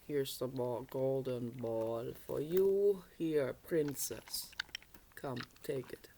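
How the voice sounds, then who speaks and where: A cheeky storybook frog, put on by a woman, low and unhurried. He coaxes and reassures in a smug, playful way. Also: warm tone, exaggerated voice. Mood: coaxing. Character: chatty male toy frog, smug and reassuring.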